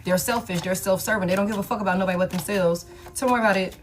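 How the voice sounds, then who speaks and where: A woman's voice: mid-range voice, fairly even intonation, racing. A woman giving a casual tarot reading, speaking in a slangy, emphatic and repetitive way, with frequent swearing. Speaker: tarot reader.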